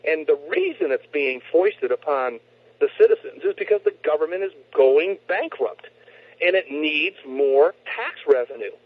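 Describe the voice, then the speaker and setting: A man's voice: a little high, lively intonation, normal speed, no room sound. A man, a guest on a talk show, explaining his views earnestly over a phone line and often restarting his sentences. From United States. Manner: earnest, lecturing, frequent restarts. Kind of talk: opinionated interview talk. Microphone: telephone.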